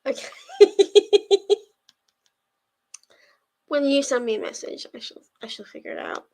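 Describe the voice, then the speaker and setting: A young woman hosting reading-sprint livestreams chats casually with her live viewers, rambling as she answers their messages, in a fairly high voice at a quick pace.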